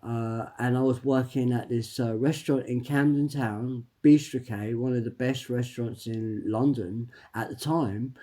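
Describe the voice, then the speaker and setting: A man talking alone to camera in a rambling personal monologue, halting and emphatic, with many restarts and repeated words. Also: medium pitch, steady tone, dark tone. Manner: emphatic, tags lines with "right?". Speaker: vlogger.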